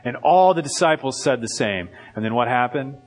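A man preaching a sermon as pastor, in a loose conversational way full of "like" and quick restarts. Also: medium pitch, expressive.

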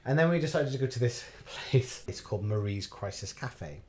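A man, a podcast guest and actor, telling stories in casual chat and laughing often. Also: moderate pace. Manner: animated, laughs often, jumps into high-pitched excited outbursts.

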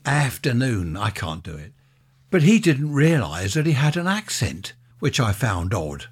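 A man's voice: medium pitch, sing-song, measured pace, slightly rough. An older man from England chatting on his own show in a rambling, casual monologue, with chuckling asides. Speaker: podcast host.

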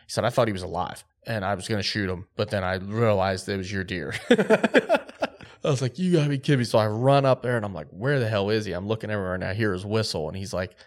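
A man with a somewhat low voice recounts a story on a podcast in relaxed, casual talk, his speech thick with "like" and fillers. He brings the tale to life by acting out the back-and-forth of what people said. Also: fast, hardly any pauses. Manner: excited, lively retelling with quoted dialogue; laid-back, filler-heavy speech with frequent "like". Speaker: podcast co-host.

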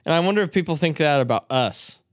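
A man's voice: on the high side, expressive, quick pace, dry recording, studio quality. A man co-hosting a podcast in casual chat, rambling and laughing often. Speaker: podcast co-host.

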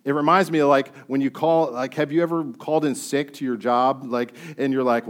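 A man's voice: mid-range voice, fairly even intonation, brisk, hardly any pauses. A man preaching a sermon. He reads scripture aloud and puts questions to his listeners in a conversational way.

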